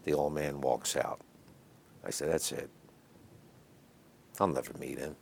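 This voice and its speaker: An older man telling stories in a relaxed, chatty way as an interview guest, with lots of fillers and asides. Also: very deep voice, measured pace. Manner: raspy, chatty anecdotes full of fillers. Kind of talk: storytelling in a casual interview.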